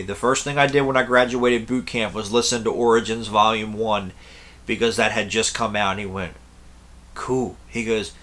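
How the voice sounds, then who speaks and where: Blunt, rambling man with a bright voice. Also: lowish voice. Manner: rambling, blunt, swears freely. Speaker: concert reviewer. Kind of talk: casual storytelling to camera.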